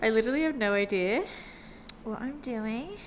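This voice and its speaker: Speaking at a moderate pace in a fairly high pitch, a young woman illustrator and vlogger rambles to viewers as she sketches, peppering her talk with "like." The recording, made at her home desk by a sunny window, carries a little hiss or hum.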